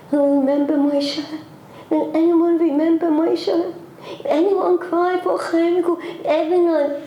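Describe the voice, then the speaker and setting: A woman's voice: high voice, dark tone. A woman in her seventies from Hungary, giving an emotional religious lecture full of pleading repeated questions. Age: 70s. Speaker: religious teacher. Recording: echoey room with faint noise.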